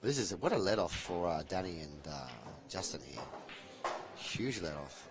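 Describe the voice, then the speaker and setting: A man hosting live pool commentary from a commentary box, chatty and playful, with shout-outs to viewers. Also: low voice, expressive, moderate pace, heavy background noise.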